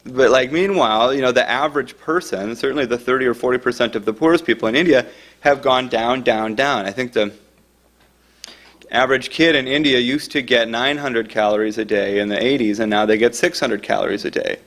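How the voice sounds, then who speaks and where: A man's voice: mid-range voice, fairly quick, fairly bright tone. A middle-aged man speaking informally about his book, conversational and digressive, now and then acting out the people in his stories. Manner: conversational, digressive, acts out quoted voices. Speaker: author giving a talk.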